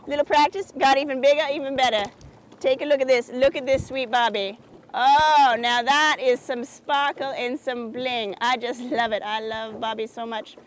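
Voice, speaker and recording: A woman's voice: high-pitched, fairly even intonation, moderate pace, a little hiss or hum, lightly acted, poor audio. A woman doing a chirpy, sugary craft-show host. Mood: cheery. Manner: chirpy, folksy and sugary, keeps asking "isn't that sweet". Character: perky, oblivious small-town woman who hosts a craft show. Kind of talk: comedic public-access TV hosting. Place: outdoors by a lake.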